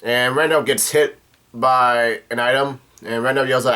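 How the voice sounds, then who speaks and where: A man talks through a manga chapter in a loose, rambling way, stopping often on "uh" and restarting his sentences. His voice sits at an ordinary middle pitch for a man. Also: steady tone, moderate pace, fairly bright tone. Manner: rambling, full of "uh" fillers and restarts. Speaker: manga reaction host. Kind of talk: casual manga recap.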